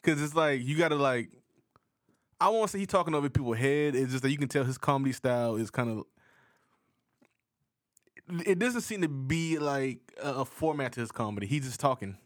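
A man from Charleston, South Carolina, co-hosting a podcast in relaxed casual chat, rambling with restarts as he tells stories. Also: mid-range voice, normal speed, pauses often, no room sound, clean studio sound. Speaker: podcast co-host.

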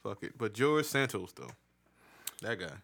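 A man's voice: lowish voice, sing-song, unhurried, vocal fry, a bit bright. A man chatting casually, swearing a lot and telling laughing stories, often breaking into mimicked voices for the joke. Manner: crude, laughing storyteller, mimics voices for jokes. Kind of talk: casual chat.

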